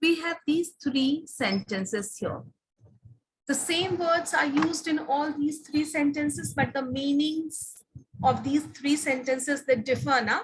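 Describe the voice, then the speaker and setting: High-voiced woman teaching. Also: slow pace, rough recording. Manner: patient, questioning, stresses key words. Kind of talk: classroom grammar teaching.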